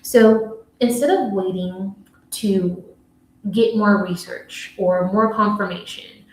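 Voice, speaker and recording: An American woman and spiritual coach giving an earnest motivational talk, telling a story and dropping to soft hushed asides. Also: mid-range voice, slow pace, reverberant, poor audio. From United States.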